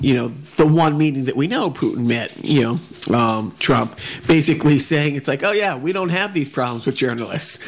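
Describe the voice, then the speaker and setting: A man co-hosting a casual podcast, his voice sitting a little high. He rambles, repeats his words and laughs easily. The sound bounces around an echoey room at home. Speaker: podcast co-host. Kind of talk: casual chat.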